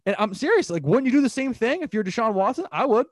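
A young man hosting a casual sports talk show, rattling off scores and rambling opinions in an animated way. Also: sits high, quick pace, few pauses, no echo, clean studio sound. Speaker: podcast host.

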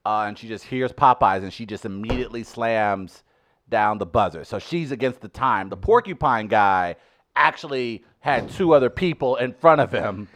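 A man's voice: medium pitch, moderate pace. A man co-hosting a casual podcast, joking and reacting to video clips. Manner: animated, joking, swears. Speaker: podcast co-host.

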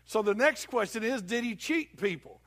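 Man, pastor, folksy storytelling sermon, high-pitched voice. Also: expressive, normal speed, fairly bright tone. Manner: folksy storytelling preacher, jokes with the congregation. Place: church.

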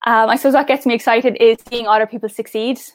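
A young Irish woman chatting as an interview guest, quick and upbeat, fillers sprinkled throughout. Her voice sits a little high and the sound is dry and close. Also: steady tone, no echo. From Ireland. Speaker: interview guest, pageant finalist. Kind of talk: casual interview chat.

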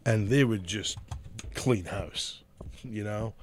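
A man's voice: lowish voice, slow, slight background noise. A man with a Scottish accent, co-hosting a podcast in casual chat, rambling and swearing freely as he tells his stories. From Scotland. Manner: rambling, profane storytelling. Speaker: podcast co-host.

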